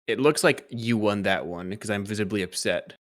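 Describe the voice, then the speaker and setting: Guy streaming, kinda low voice, laughs a lot and teases his buddy. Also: moderate pace. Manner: chatty, laughs often, teasing. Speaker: streamer co-host. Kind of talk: casual chat.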